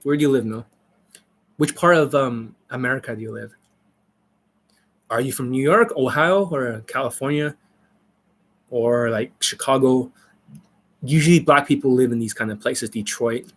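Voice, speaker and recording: A man talks off the cuff on a live stream, blunt and profane as he rambles through viewer questions. His voice sits at a middle pitch for a man. He coaches in a loose, unscripted way. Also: normal speed, long pauses. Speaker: dating coach.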